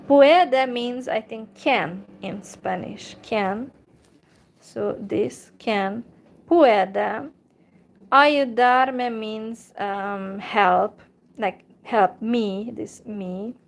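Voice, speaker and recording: Slow, careful woman teaching phrases. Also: fairly high pitch, gravelly. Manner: slow and careful, repeats phrases, many fillers. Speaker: language teacher. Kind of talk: slow informal language lesson.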